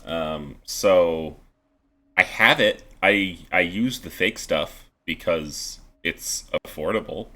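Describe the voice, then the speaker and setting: A man's voice: low voice, slow, pushed and bright. A man casting an amateur esports league on a live stream, chatting casually and doing playful, mock-formal sponsor reads. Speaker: esports caster.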